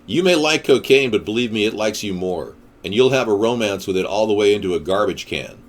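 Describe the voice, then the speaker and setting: A man's voice: fairly low pitch, animated, brisk. A man delivering a ranting political monologue in a combative, sarcastic manner. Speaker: political commentator.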